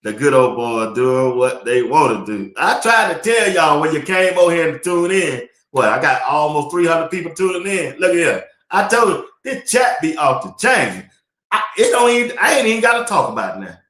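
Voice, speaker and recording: A man's voice: fairly high pitch, lively intonation, normal speed, a bit bright. A man hosting a live sports talk stream, laughing often and chatting loosely while reading viewer comments. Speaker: livestream sports talk host. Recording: echoey room.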